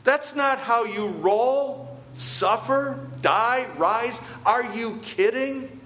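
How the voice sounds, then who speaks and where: A man's voice: very high voice, extremely slow, sharp tone, voice pushed up, exaggerated voice. A man preaching a sermon, voicing the apostle Peter as he scolds his teacher in exasperated disbelief. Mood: indignant. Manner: exasperated, incredulous rebuking.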